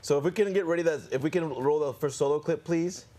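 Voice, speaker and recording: A man's voice: fairly high pitch, fast, warm tone. Playful male TV host. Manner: playful, joking. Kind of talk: casual panel chat.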